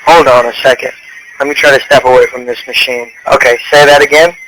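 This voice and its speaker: A man on a phone call, talking in a halting way with many restarts. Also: mid-range voice, steady tone, fairly bright tone, a little hiss or hum. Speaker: caller. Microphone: telephone.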